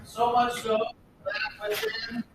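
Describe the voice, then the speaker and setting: A man's voice: very high voice, sing-song, slow pace. An American man teaching a history class in a casual, blunt way, with sarcastic asides. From United States. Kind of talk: classroom lecture. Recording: very echoey room, distant, faint background noise.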